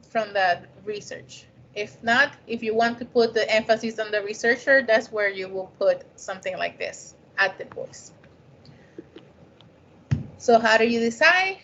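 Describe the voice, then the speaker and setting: A woman's voice: fairly high pitch, a bit bright, a little hiss or hum. Woman lecturing, non-native English, lo-fi. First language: not English. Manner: conversational, frequent "right?" check-ins. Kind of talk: lecture on scientific writing. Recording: dull lo-fi recording.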